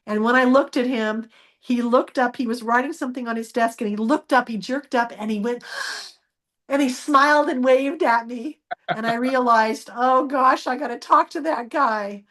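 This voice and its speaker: A woman telling a personal story as a guest, acting out the dialogue with lively changes of voice. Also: on the high side, moderate pace. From United States. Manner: animated, acts out quoted dialogue.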